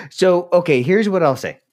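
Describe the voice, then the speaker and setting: A man hosts a casual podcast in an ordinary mid-range voice. He rants with swearing and laughs often. His talk rambles from one point to the next. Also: medium pitch. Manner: ranting, profane, laughs often. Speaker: podcast host.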